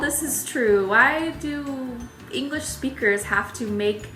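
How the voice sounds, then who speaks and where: A young woman shares travel stories in a casual, chatty vlog, laughing often. Her high voice is very animated and fairly bright, delivered at a slow pace in an echoey room with faint music.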